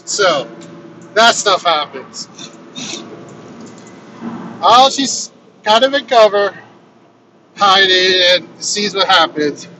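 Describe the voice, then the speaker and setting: A man with a high voice tells a long story, slow and unhurried, while riding in a vehicle. He swears often and lively acts out his characters' lines. Steady road noise hums under everything. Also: poor audio. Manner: animated, swears freely, acts out quoted lines. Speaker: vlogger telling his own story. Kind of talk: casual storytelling. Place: inside a moving vehicle on a road trip.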